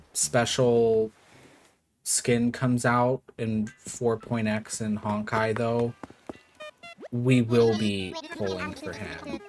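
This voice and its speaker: A man's voice: on the low side, a little mellow. A man streaming a game, chatting casually and rambling with lots of filler words. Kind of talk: casual live-stream chat while gaming. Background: background game music.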